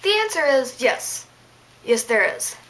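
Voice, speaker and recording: A woman tutoring Latin in a casual home video, her voice sitting a little high. She keeps things playful with goofy asides and jokes at her own expense. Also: very animated, a little slow, fairly bright tone, rough recording.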